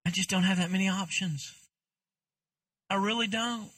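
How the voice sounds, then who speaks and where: A man's voice: high voice, steady tone, normal speed, fairly bright tone. A man, a pastor, preaching a sermon in a candid, conversational way with self-deprecating asides.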